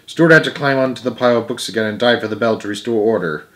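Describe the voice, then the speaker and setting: A man's voice: medium pitch, quick pace. Man reading a storybook aloud. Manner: frequent slips and restarts, chatty asides. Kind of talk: reading a children's book aloud.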